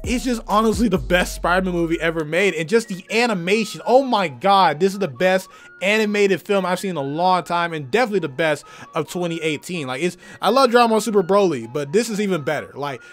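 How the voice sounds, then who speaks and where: A young man with a hoarse, worn-out voice giving an enthusiastic, rambling movie review full of fillers. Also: high-pitched, fairly quick, fairly bright tone, faint music behind. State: hoarse, tired voice. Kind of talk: casual movie review vlog.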